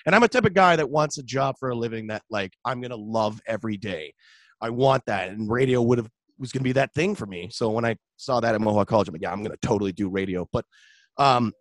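A young man, a radio host, chatting casually in an interview, relaxed and full of "dude" and "like". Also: mid-range voice, fairly quick, dry recording. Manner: laid-back, chatty, says "dude" and "like" often. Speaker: radio host and metal vocalist.

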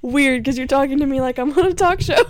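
A young woman guests on a casual podcast chat. Her voice is quite high, and she teases, jokes and giggles her way through stories. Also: quick pace. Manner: playful, teasing and giggly.

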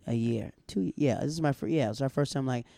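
A man on a casual podcast, telling a travel story with lots of energy and jumping into other people's voices, often laughing mid-sentence. His voice is dark and mellow. The recording is close and dry, with no room sound. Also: mid-range voice, brisk, vocal fry, no room sound. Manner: animated storyteller, acts out other people's lines; laughs often while talking. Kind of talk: casual chat.

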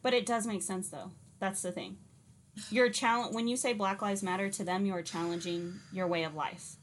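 A woman co-hosting a casual podcast, telling stories in an animated, blunt way and laughing often. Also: medium pitch, normal speed. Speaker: podcast co-host.

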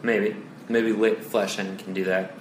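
A man's voice: on the low side, level tone, unhurried. A man co-hosting a podcast who chats casually about sports and music, needling his partner with dry, teasing wisecracks. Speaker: podcast co-host. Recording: roomy echo, faint background hiss.

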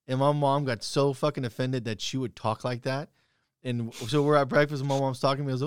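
A man's voice: medium pitch, steady tone, quick pace, smooth, no room sound, studio quality. A young man telling stories bluntly and profanely in casual chat, quoting his own heated retorts.

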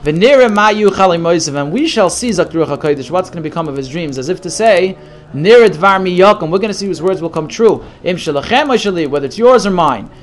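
A man's voice: high voice, expressive, quick pace. A man leading a text study class, reading each Hebrew phrase and then translating it. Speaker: Torah teacher.

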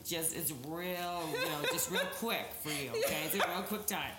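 A woman in her forties, a former school principal, telling a story as a podcast co-host in a casual, animated way and swearing freely. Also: fairly low pitch, normal speed, very noisy. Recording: roomy echo.

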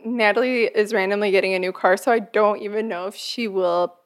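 A woman's voice: mid-range voice, steady tone, a little fast. A young woman co-hosting a podcast in casual chat, talking freely and filling her sentences with "like". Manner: chatty, fills speech with "like". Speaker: podcast co-host.

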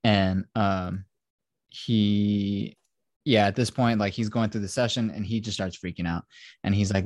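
A man's voice: lowish voice, fairly even intonation, moderate pace, a little mellow, dry recording. A man hosting a podcast, casually retelling a film plot, acting out quotes and swearing freely. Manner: casual, profane, acts out quotes. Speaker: podcast host.

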